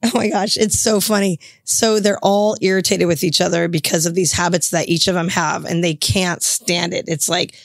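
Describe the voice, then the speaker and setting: A middle-aged woman co-hosting a marriage podcast, telling stories in a chatty, animated way and laughing often. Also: fairly low pitch, normal speed, gravelly, hardly any pauses, no echo, studio quality. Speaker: podcast co-host. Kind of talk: casual chat.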